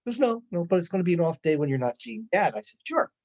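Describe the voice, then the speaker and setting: A man's voice: fairly high pitch, fast, dull audio. A man lecturing to students, telling a story from his clinical work and acting out the dialogue as he goes. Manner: animated retelling with quoted dialogue.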